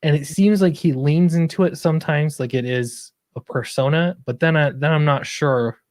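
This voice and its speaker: A man's voice: fairly high pitch, moderate pace, a little mellow, no echo, studio quality. Hesitant man hosting a stream. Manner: hesitant, trails off, often unsure. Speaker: stream host. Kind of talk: casual chat.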